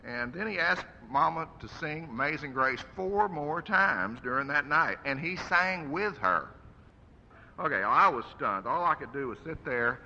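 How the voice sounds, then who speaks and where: A son delivers an earnest, preacherly eulogy for his father at a funeral service. His voice is on the high side, pushed and bright, with lively intonation and a slightly slow pace. The echoey hall gives a dull lo-fi sound with a little hiss or hum.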